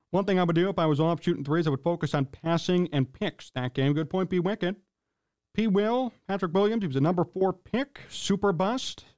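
A man's voice: high-pitched, normal speed, a little mellow. A man hosting a sports talk show, ranting in an exasperated, sarcastic way and reading out chat comments.

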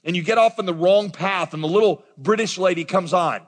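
Preaching a little fast in a voice that sits high, this pastor talks conversationally to his congregation, speaking to them directly. He's in a large church auditorium, and the long reverb of the big hall is audible.

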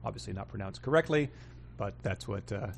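A man's voice: fairly low pitch, animated, brisk, creaky, a little hiss or hum. A man hosting a podcast, casually and wryly reading out listener emails and submissions, with plenty of fillers. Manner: wry, amused, with frequent fillers. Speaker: podcast host.

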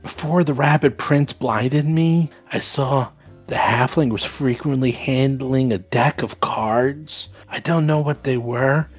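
A man's voice: takes it slowly, faint music behind. A man voicing a blinded, sobbing prisoner. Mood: hushed. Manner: sobbing, stammering, breaking into high cries. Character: blinded terrified male prisoner, pleading.

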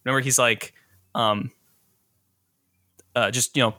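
A man's voice: mid-range voice, steady tone, measured pace, pushed and bright, no room sound, studio quality. A young man hosting a casual movie podcast, talking animatedly and acting out quoted lines. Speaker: podcast host.

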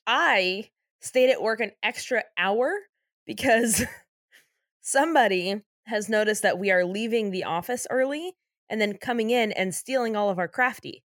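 A woman's voice: on the high side, a little slow, a bit bright, no echo, clean studio sound. A woman co-hosting a podcast who reads out episode facts in casual chat and giggles often. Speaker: podcast co-host.

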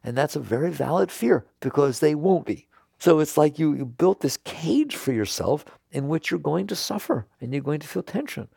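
A man giving an earnest spiritual talk to an audience, now and then laughing and jumping up in pitch for emphasis. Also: sing-song, moderate pace, creaky, warm tone, husky, dry recording, clean studio sound. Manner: earnest, laughs and jumps high when emphatic. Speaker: spiritual teacher.

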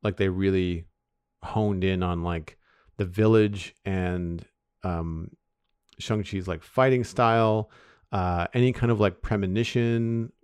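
Deep voiced guy on a podcast, lots of uhs and likes, dry close sound. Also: slow, darkish tone, smooth, dry recording. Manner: hesitant, lots of fillers. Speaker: podcast host. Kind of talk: casual podcast chat.

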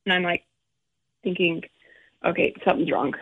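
A middle-aged woman, a guest, telling an emotional personal story in halting, restarting speech. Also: lowish voice, fairly even intonation, slightly rough. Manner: halting, restarts often, acts out quoted relatives. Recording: phone-like narrow sound.

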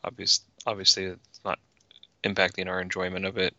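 A man with a very low, gravelly voice chats casually on a podcast, walking through behind-the-scenes details with lots of fillers. His tone is bright and forceful, and the recording is dry and a little dull and lo-fi. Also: monotone, fairly quick, no room sound. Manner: explains production details with many fillers. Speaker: podcast co-host.

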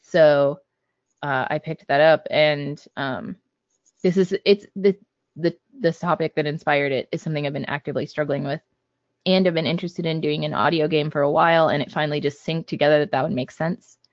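Soft-spoken man, dull dry audio. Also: fairly high pitch, fairly even intonation, dry recording. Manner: measured, with frequent ums. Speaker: game designer guest. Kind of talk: casual podcast chat.

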